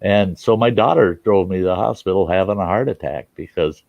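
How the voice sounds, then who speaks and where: A man's voice: low-pitched, a little fast, creaky, no room sound, phone-quality sound. An older American man hosting a casual chat, telling a rambling personal story frankly, with swearing and acted-out quotes. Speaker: host.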